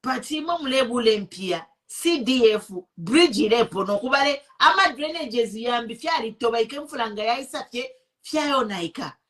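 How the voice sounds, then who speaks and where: A woman's voice: a little high, lively intonation, moderate pace, a bit bright. A woman with a Zambian accent, hosting an online show and giving impassioned political commentary, indignant and switching between English and Bemba.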